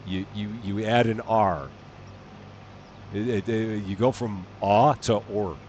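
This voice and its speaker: A man's voice: lowish voice, fairly even intonation, slow, darkish tone, muffled recording, slight background noise. A man with a chatty, amused manner, chatting casually with his live-stream audience and laughing often. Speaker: game streamer reading chat.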